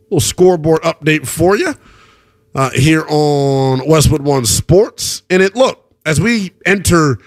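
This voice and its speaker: A man hosting a live sports radio show, hyping scores with swings between loud calls and low asides. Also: lively intonation, measured pace.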